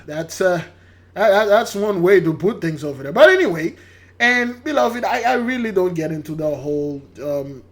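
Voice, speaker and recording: A man's voice: high-pitched, animated, moderate pace. An older man hosting his channel, giving rambling casual commentary on a news clip, stammering and repeating his words. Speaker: channel host.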